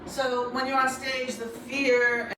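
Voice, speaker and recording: Recorded from a distant mic with heavy reverb and a noisy background, a Queens woman with a New York accent talks slowly in a high voice with flat delivery. She's chatty, laughing often and acting out quotes as she tells casual stories about her acting class.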